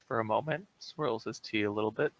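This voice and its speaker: A man narrating a tabletop game as game master, describing events lively and often laughing. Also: lowish voice, brisk. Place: home streaming setup.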